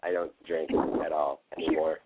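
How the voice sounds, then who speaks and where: A man's voice: extremely low pitch, flat delivery, normal speed, background noise. A man calling in to a show, chatting casually and jumping in eagerly. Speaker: caller. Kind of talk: casual phone chat. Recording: tinny phone line, dry.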